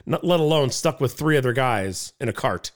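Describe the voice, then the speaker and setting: Animated man in teasing banter. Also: mid-range voice, normal speed. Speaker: podcast co-host. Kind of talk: casual chat.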